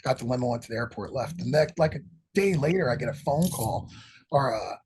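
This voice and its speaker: A faint hiss or hum sits under this middle-aged man's medium-pitched voice as he talks a little quickly. A guest musician in a casual podcast interview, he tells rambling, animated stories packed with profanity.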